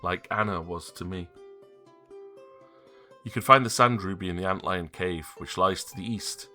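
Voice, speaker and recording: A man voicing a young grieving male prince who speaks softly and pleadingly, reading game dialogue aloud. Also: low voice, moderate pace, soft background music. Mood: earnest. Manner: soft and pleading.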